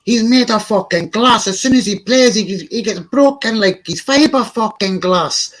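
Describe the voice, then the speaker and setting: A man doing a mock Scottish accent, playing a ranting football fan in an exaggerated, shouty way during a casual stream. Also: high-pitched, moderate pace, pitched above the performer's own voice.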